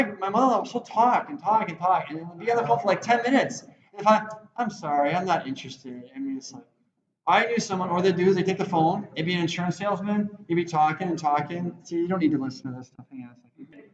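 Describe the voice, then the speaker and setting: A man teaches a web design class, rambling through asides and acting out quoted lines. His voice sits high for a man. The recording is roomy and a little muffled. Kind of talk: classroom lecture.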